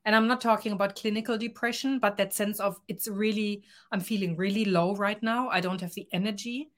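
A woman's voice: mid-range voice, a little fast. A woman coach being interviewed, talking earnestly and acting out little quoted exchanges as she explains. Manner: earnest, expressive, acts out quoted lines. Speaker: guest coach. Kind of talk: podcast interview.

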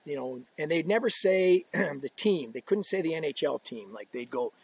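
Animated, husky-voiced male storyteller. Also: on the high side, normal speed, poor audio. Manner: animated, swearing, acts out quotes. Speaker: podcast guest. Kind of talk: casual storytelling.

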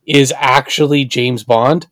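A man's voice: medium pitch, fairly even intonation, takes it slowly, fairly bright tone, no echo. A man co-hosting a podcast, chatting casually and making playful jokes. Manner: joking, playful asides. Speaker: podcast co-host. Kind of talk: casual chat.

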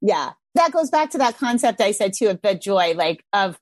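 A middle-aged woman and parenting coach chatting casually on a podcast, animated, laughing often and acting out little scenes. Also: mid-range voice, moderate pace, no echo.

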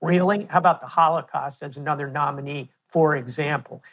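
A man as an interview guest, explaining history in a measured, storytelling way. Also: a little high, fairly bright tone. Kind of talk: interview answer.

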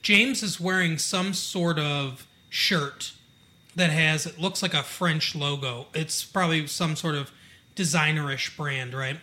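A man's voice: on the high side, a little slow, bright, forceful tone. A man from Michigan co-hosting a podcast, recapping a TV episode in a rambling, casual way full of fillers and asides. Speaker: podcast co-host.

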